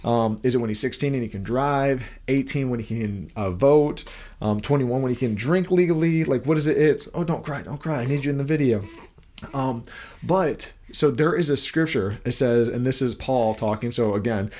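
A man's voice: mid-range voice, moderate pace, darkish tone. Casual-talking Christian man with questions. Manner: conversational, full of rhetorical questions and "like". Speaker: Christian men's podcast host and father. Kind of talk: casual devotional talk. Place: at home holding his young son.

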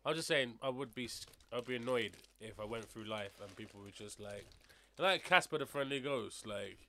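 A man co-hosting a casual podcast chat, relaxed and jokey, musing aloud. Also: medium pitch, brisk, slight background noise. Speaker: podcast co-host.

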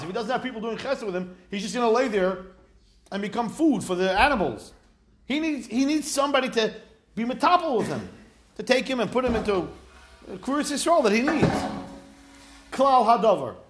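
Man, Torah teacher, high voice, very animated pitch, conversational. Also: slight background noise. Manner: lively, conversational, mixes Hebrew phrases into English. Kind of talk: informal Torah class.

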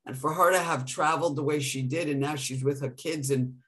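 A woman with a New York accent, co-hosting a casual podcast chat and telling stories in an animated way. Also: low voice, a little fast. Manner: animated storytelling with laughs. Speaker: podcast co-host.

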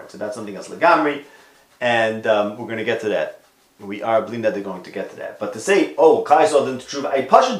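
Male podcast lecturer, low voice, emphatic and conversational, heavy Hebrew and Yiddish terms, echoey room. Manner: emphatic, swings between loud stresses and quiet asides.

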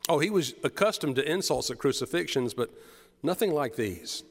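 A man's voice: on the high side, expressive, moderate pace, in a large hall. A man preaching a sermon, retelling the story with drama and repeated phrases.

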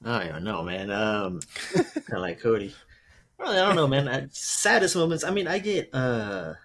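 A man speaks on a casual podcast, hesitant and searching for words. His voice is husky, and his pitch rises and falls a lot. He keeps it loose and conversational. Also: huge pitch swings, moderate pace, fairly bright tone. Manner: hesitant, unsure. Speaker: podcast co-host. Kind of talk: casual chat.

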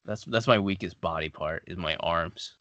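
A man's voice: sits low, moderate pace, sharp tone, slight background noise. A man co-hosting a podcast in loose, jokey conversation, often laughing and tripping over repeated words. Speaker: podcast co-host. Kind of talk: casual comedic chat.

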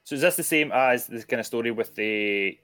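A man, a podcast guest, chatting casually about a film with quick, wry jokes. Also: mid-range voice, pushed and bright, faint music behind. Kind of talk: casual film review chat.

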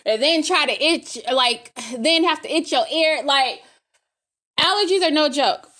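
A woman's voice: high-pitched, expressive, measured pace, sharp tone. A woman giving a casual spoken testimony, rambling and faith-filled, calling her viewers y'all.

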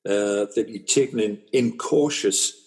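A man's voice: fairly low pitch, a little slow, darkish tone, slightly rough. A man hosting a casual chat, reflecting conversationally and stammering on his restarts.

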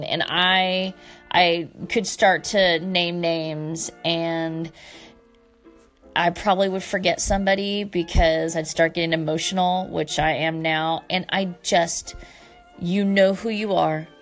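Slow, earnest low-voiced woman host. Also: fairly bright tone. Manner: earnest, heartfelt, casually swearing. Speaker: podcast host. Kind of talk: casual solo talk to listeners.

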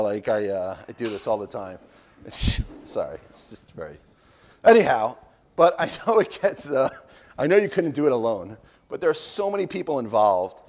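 A man's voice: medium pitch, darkish tone. A man teaching a comedic parody of a daily Talmud class, rambling and breaking off into jokey asides and corrections of himself. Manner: jokey, mock-serious.

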